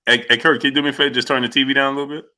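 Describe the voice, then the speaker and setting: A man's voice: mid-range voice, level tone, rapid-fire, pushed and bright. A man hosting a live boxing talk stream, talking emphatically with repeated fillers and frequent "you understand?". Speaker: sports talk show host.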